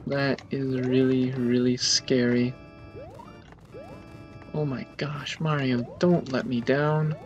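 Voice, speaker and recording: Speaking slowly with long pauses, a man comments on his own gameplay, his medium-pitched voice barely moving in pitch. He exasperatedly and dramatically complains about a hard level in this let's play. Faint game music sits behind a dull lo-fi mic recording.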